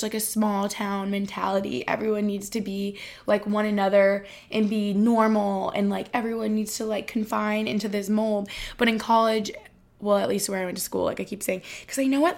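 Podcast host: a woman in her twenties, effusive and chatty, rambling and tender, medium-pitched voice. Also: gravelly. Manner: effusive, rambling, heavy use of "like"; emotional and tender. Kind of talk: casual heartfelt chat.

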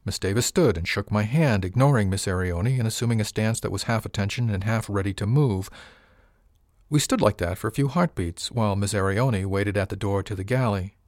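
Wry male narrator, lowish voice, dry close recording, measured storytelling. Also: a little mellow, no room sound. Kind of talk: audiobook narration.

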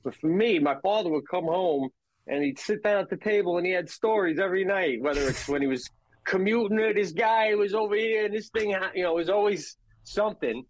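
Man, higher-pitched comedian guest, animated anecdotes, loose podcast banter. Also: brisk, no echo, poor audio. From Long Island, New York. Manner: animated storyteller. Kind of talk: casual podcast chat.

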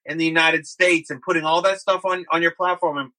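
Guy on a sports podcast, bright kinda high voice, measured, some uhs. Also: steady tone, poor audio. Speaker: podcast co-host. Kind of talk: casual chat.

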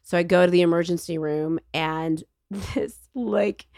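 A middle-aged woman as a podcast guest, telling her story in wry, animated casual conversation and acting out the voices of the people she quotes. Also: lowish voice, a little slow, vocal fry, no room sound, studio quality.

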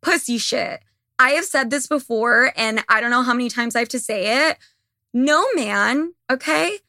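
In a slightly high, bright, and forceful voice at normal speed, a young woman runs her podcast as a casual monologue to listeners. The studio-quality audio has no echo. She's blunt and profane, loves to gossip, and is losing her voice, which sounds a bit worn.

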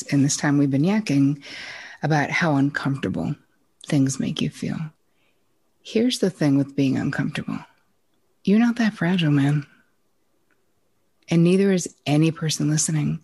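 A woman's voice: low voice, normal speed, breathy edge. A woman psychotherapist speaking as a podcast guest, direct and candid, acting out the lines of the people in her stories. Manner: direct and candid, with lively quoted dialogue. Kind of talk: conversational interview storytelling.

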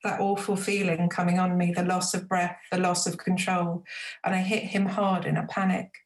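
A woman's voice: fairly low pitch, flat delivery. Woman author reading in a roomy space. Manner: measured, reflective reading. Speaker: novelist reading her own book. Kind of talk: book reading and interview. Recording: roomy echo.

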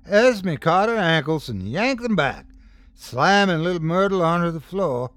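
A man's voice: sits high, animated, unhurried, a bit bright, no room sound. A man narrating a scary story as host, dramatic, swelling and dropping for suspense. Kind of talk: scripted horror story narration.

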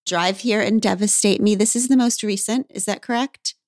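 A woman hosting a podcast interview, affirming her guest with soft murmurs and effusive praise. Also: mid-range voice, normal speed. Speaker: podcast host. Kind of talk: conversational interview.

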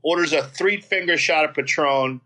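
A middle-aged man, a guest singer, telling a profane, animated story in casual chat with many restarts. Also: on the high side, normal speed.

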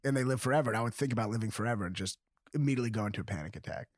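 A man's voice: lowish voice, racing, no room sound, clean studio sound. A man co-hosting a podcast in casual chat who laughs often while telling stories. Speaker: podcast co-host.

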